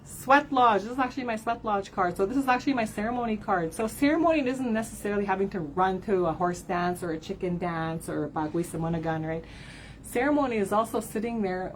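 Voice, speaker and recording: A spiritual advisor with a mid-range voice does a card reading for her followers on poor audio with slight background noise. Her emotional livestream talk is candid and full of swearing, often punctuated by "right?", and she sometimes comes near tears.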